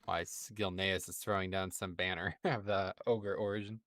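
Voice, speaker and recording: A man's voice: low voice, normal speed, no echo, clean studio sound. A man streaming a video game, chatting casually and musing aloud, often trailing off. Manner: relaxed, musing, trails off with "I guess". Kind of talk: casual chat during co-op gameplay.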